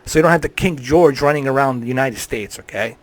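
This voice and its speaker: A man ranting into a desk mic on his live stream, loud and profane, hardly pausing. His voice sits at an ordinary pitch. The room sound is dry and close. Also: no echo.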